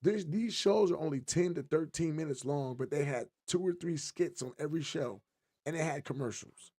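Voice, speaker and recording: A man co-hosting a podcast chats casually at normal speed in a slightly high voice. He is an animated storyteller, spinning jokey tales with lots of energy.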